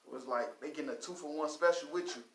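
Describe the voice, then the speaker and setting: A man speaks in casual slang, halting at first and then building his argument through repetition. His voice sits a little high. The room gives the sound an echo. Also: heavy background noise.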